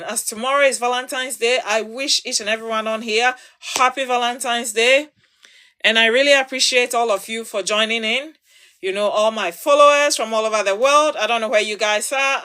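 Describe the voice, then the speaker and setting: A woman's voice: fairly high pitch, bright, forceful tone. A woman hosting a livestream, giving emphatic advice to her followers and repeating words for stress. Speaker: livestream host.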